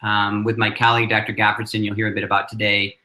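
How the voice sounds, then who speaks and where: Fifties male guest, bright tone, halting and friendly storyteller. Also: fairly low pitch, monotone. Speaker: guest, learning consultant. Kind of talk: casual interview talk.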